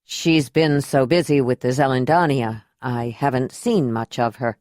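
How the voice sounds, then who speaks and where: A woman's voice: a bass voice, measured pace, a little mellow, dry recording, clean studio sound, voice pushed down. A woman voicing a young man who answers in a hesitant, evasive way.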